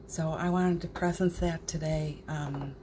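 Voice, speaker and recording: A woman's voice: low voice, fairly even intonation, a little slow, background noise. A woman hosting a spiritual morning livestream, chatting casually, reading out viewer comments, and getting emotional, with laughter and near tears.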